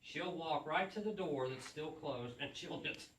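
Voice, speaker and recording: A man, a visiting children's author, tells a story and asks schoolchildren lively questions. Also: fairly high pitch, a little slow, distant mic, slight background noise. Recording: echoey room, mic from afar.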